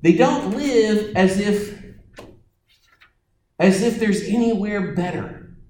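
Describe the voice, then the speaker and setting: A man preaching a sermon, telling stories and acting out voices with dramatic pauses. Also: high-pitched, darkish tone, reverberant, poor audio.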